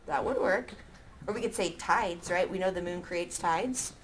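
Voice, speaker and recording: A woman teaching a classroom lesson, reading lines slowly and counting out syllables with her pupils. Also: fairly low pitch, slight background noise.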